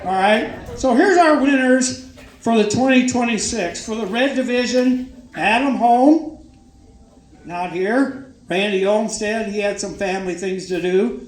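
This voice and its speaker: In a noisy, echoey banquet hall with a crowd, an older man presents awards. His voice is high-pitched and a little slow, and he speaks casually, folksy and joking, talking up each winner with strong praise.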